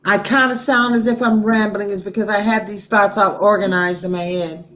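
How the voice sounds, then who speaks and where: A steady, medium-pitched, somewhat bright female voice talks about faith on a talk show with heartfelt, preachy passion. She is frank with her profanity and keeps a slow, deliberate delivery.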